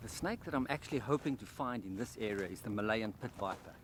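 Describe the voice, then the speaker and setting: A man's voice: lowish voice, animated, fast talker, slight background noise. A man presenting a wildlife documentary outdoors by rice paddies, explaining and exclaiming with enthusiasm.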